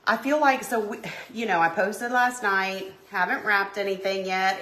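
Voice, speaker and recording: Middle-aged woman, bright and scattered, craft-stream host; recorded in an echoey room. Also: mid-range voice, steady tone, unhurried. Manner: chatty, scattered, talks to viewers by name. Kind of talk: casual crafting livestream chat. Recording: echoey room, faint background noise.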